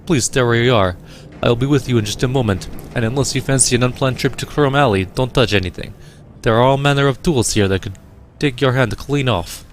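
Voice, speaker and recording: A man's voice: mid-range voice, slight background noise, natural voice. A man voicing a cultured drone engineer. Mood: courteous. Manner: courteous, measured and formal. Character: cultured Russian male drone engineer, polite.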